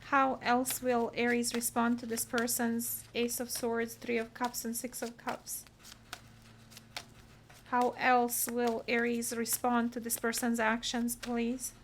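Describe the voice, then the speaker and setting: In a solo tarot reading, a woman with a fairly high voice speaks slowly and with a completely flat delivery, earnestly and emotionally explaining the cards' meanings. There's a little hiss or hum in the recording.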